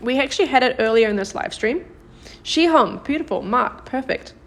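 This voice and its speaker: A woman teaches a live-streamed lesson in a slightly high, light voice. She is patient and encouraging, cheering on viewers by name, and slows right down whenever she models an example sentence. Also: expressive. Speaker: Korean language teacher.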